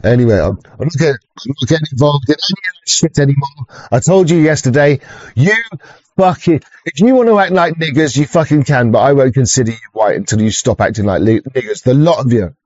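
A man's voice: mid-range voice, expressive, fairly quick, darkish tone, no room sound. A man, hosting a livestream in a rambling, profane chat with lots of restarts, heard through a dull lo-fi mic. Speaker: livestream host.

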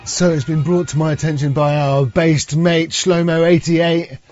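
A man's voice: fairly high pitch, little pitch movement, normal speed, a little mellow, lo-fi sound, soft background music. A man hosting a livestream in casual, crude, rambling chat. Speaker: livestream host.

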